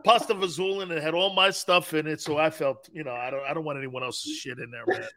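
A man co-hosting a casual sports talk show, telling profane stories and laughing loudly. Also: on the high side, steady tone, fast talker. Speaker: co-host. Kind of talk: casual sports radio chat.

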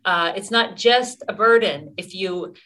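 A woman's voice: on the low side, a little slow, sharp tone. A middle-aged woman activist answering interview questions earnestly, with many fillers and restarts. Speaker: activist guest.

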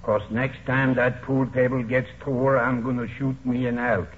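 An actor playing a jolly, teasing lodge janitor who speaks broken English, in a 1940s radio comedy. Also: male voice, medium pitch, little pitch movement, normal speed, natural voice. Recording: tinny old radio broadcast, faint hiss.

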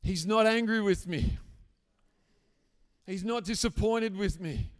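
A man preaching a sermon in a church hall, swinging from hushed prayer to emphatic shouting. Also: high-pitched, takes it slowly. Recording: echoey hall reverb.

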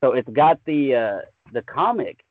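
Male podcast guest, Southern twang, relaxed and rambling, dry phone-quality audio. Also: medium pitch, measured pace, no room sound. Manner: easygoing, rambling, says "man" a lot. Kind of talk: casual podcast interview. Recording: tinny phone-like remote line.

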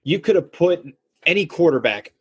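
Man, podcast co-host, husky, casual and animated sports talk. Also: on the high side, normal speed. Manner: animated, acts out quotes in voices.

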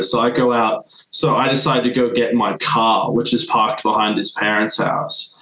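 A man's voice: medium pitch, little pitch movement, normal speed, hardly any pauses, fairly bright tone. A young man, a podcast guest, telling a long story in casual chat, rambling with many fillers. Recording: echoey room, faint music.

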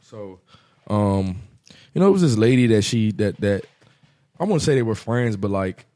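A man's voice: on the low side, animated, normal speed, dark tone. Man telling a self-mocking story. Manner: laid-back, confessional, self-mocking. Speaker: podcast co-host. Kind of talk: casual storytelling chat.

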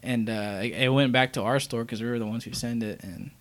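A man's voice: medium pitch, fairly even intonation, brisk. A man chatting casually as a podcast guest, laid-back and blunt, swearing offhandedly. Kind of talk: casual chat.

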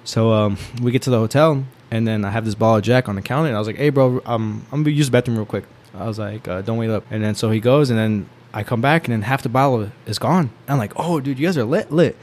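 Young adult male, casual storyteller, rapid and rambling with filler words, laughs a lot. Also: lowish voice, a little mellow. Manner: laughs often while telling. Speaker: storyteller guest.

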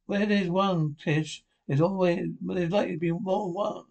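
A man with a voice that sits high reads a drama script aloud. He names each speaker and reads the stage directions in a flat, halting manner.

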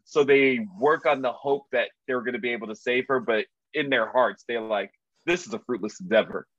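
A man's voice: medium pitch, fairly even intonation, fairly bright tone, no room sound, highs cut off. A man chatting casually about a comic series, filling his speech with 'like'. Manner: quick, chatty, hedging with 'like'. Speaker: podcast co-host. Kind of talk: casual comic book discussion.

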